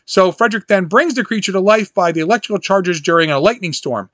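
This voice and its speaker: High, bright-voiced animated man. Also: fast talker, dry recording. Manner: animated, quotes scenes in jumpy high voices, laughs often. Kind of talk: casual film recap chat.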